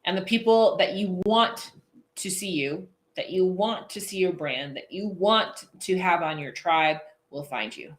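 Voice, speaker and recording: A woman hosts a casual live stream, talking straight to her viewers in a slightly low voice. She is chatty and goofy, laughs easily and reads out comments as they come in. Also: measured pace. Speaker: posing coach hosting a live feed.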